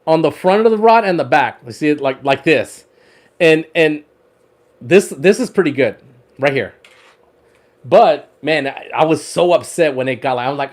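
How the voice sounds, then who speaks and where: A man's voice: on the high side, animated, normal speed. A man hosting a fishing livestream in casual chat, showing off his rod wraps, often repeating words and laughing.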